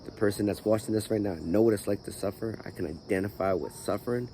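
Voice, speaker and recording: Over a little hiss or hum, a man speaks quickly in a mellow, lowish voice. He's the host of his own channel, rambling about his life in a personal vlog, groggy-voiced as if just up in the morning and dropping "you know" constantly.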